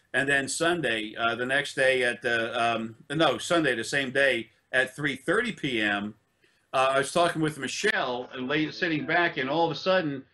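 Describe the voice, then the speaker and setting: A man telling a long personal story in casual speech, halting often with fillers and restarts and swearing bluntly. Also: mid-range voice, sharp tone. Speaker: interviewee.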